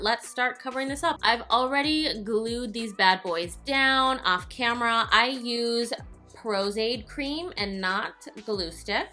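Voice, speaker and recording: A woman's voice: fairly high pitch, pushed and bright. A young woman hosting a casual makeup tutorial, playful and jokey. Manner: playful, jokey, slips into silly voices. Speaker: makeup vlogger.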